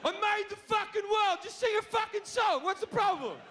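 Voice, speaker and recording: A man's voice: high voice, a little slow, a little hiss or hum, pitched above the performer's own voice. A man with an Australian accent voicing a drunk, needy God at a party who bosses everyone around and swears. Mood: shouting. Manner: loud demanding, swearing, rising to shouts.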